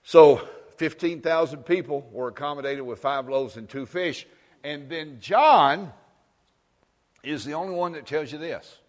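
A man's voice: on the high side, measured pace. A man preaching a folksy sermon, telling stories and asking the crowd for amens. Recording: long reverb in a large hall.

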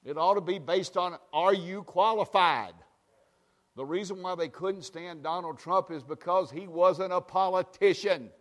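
Pastor, male, high voice, impassioned sermon delivery that runs hushed to shouting, long church reverb. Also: unhurried. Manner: fiery, swings from hushed to shouting. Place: church sanctuary.

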